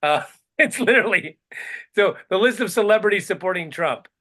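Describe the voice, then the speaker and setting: A man's voice: sits high, lively intonation, normal speed, bright, forceful tone. A man co-hosting a comedy podcast, ranting sarcastically with plenty of swearing. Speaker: podcast co-host. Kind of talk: casual comedic chat.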